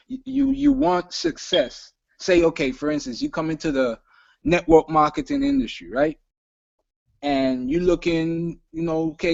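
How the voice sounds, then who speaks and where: A man's voice: very high-pitched, creaky, a little mellow, slightly rough, dry recording, muffled recording. A man with a Caribbean island accent, speaking emphatically and repeating himself as a business panelist giving a motivational talk. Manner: emphatic, repetitive, preachy.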